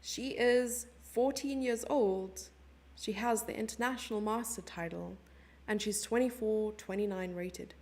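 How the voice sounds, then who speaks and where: A woman's voice: mid-range voice, unhurried, few pauses, darkish tone. A young South African woman commentating a chess stream live and chatting with her viewers in a giggly, casual way. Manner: chatty, giggly, reads chat messages aloud.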